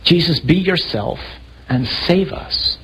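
A man delivering a sermon in a very husky, rough voice pitched a little high. He tells stories vividly, acting out scenes and raising his voice for the dramatic moments. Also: takes it slowly, low-quality recording. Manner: animated storytelling, acting out scenes with raised voice. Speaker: priest.

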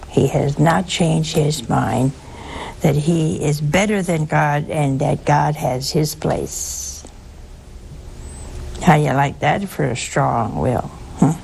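A woman's voice: deep voice, vocal fry, a little hiss or hum, low-quality recording. An older woman giving a religious talk to listeners in a chatty storytelling manner. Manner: chatty, storytelling, lively asides. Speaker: religious speaker. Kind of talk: spoken religious talk to a broadcast audience.

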